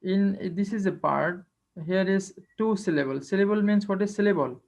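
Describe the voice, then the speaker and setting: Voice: medium pitch, moderate pace, creaky, a little mellow. A teacher giving an online lecture, explaining step by step and repeating key phrases. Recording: dull lo-fi online class recording.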